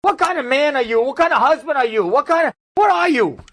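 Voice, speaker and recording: A man voicing a frantic wife berating her husband in a high, shrill voice. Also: expressive, fast, fairly bright tone. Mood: furious scolding. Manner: shrill, berating, repeating herself. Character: frantic scolding wife, middle-aged.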